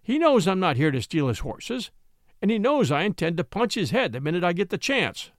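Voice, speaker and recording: A genial young lawyer who stays amiable and polite, with a lively rise and fall to his voice, as a male narrator reads him. The voice is close and dry, with no room sound. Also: high-pitched, brisk, no room sound.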